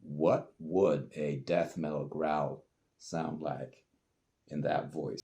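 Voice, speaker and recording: A man's voice: rumbling low, steady tone, takes it slowly, vocal fry, mellow. A man, rambling casually and swearing offhandedly while he tests old recording gear at home. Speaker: vlogger. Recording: noisy home recording with clicks.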